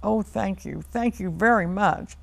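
A woman's voice: mid-range voice, a little slow, creaky. A woman reading the part of a tiny polite man who wants to get home, in a children's storybook reading. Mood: polite, pleading. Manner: pleading, polite.

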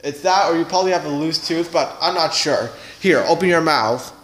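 A man's voice: a little high, a little fast, a bit bright, reverberant, faint music behind, lightly acted. A man voicing a well-meaning, bumbling chef in a puppet show who rambles and trips over his words. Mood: goofy.

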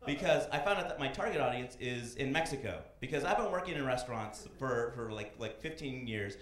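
A man in his thirties performing a stand-up comedy set on a club stage, animated and slipping into loud voices for his characters. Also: medium pitch, a little fast. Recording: echoey club room.

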